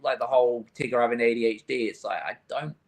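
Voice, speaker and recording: A man's voice: mid-range voice, fast. A man co-hosting a casual film podcast, telling rambling stories and quoting his own reactions. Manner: rambling storyteller, restarts, quotes himself. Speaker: podcast co-host. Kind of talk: casual chat.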